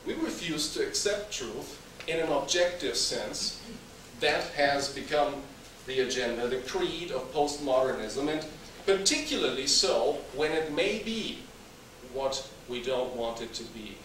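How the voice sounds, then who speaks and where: A man giving a public lecture in a large hall, speaking in a measured, emphatic way. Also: mid-range voice, lively intonation, a bit bright. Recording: echoey hall, mic far off, noisy.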